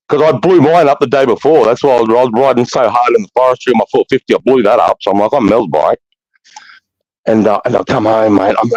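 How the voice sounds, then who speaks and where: A man's voice: on the low side, a little mellow, no echo, poor audio. A man in his forties with an Australian accent, telling stories in a blunt, heavily swearing casual chat. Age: 40s. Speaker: podcast host.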